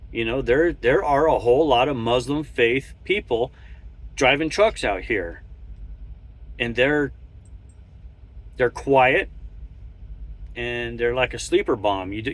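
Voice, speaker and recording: A man who drives a truck talks casually from his cab, rambling with many restarts and chuckles. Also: medium pitch. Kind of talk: casual monologue while driving.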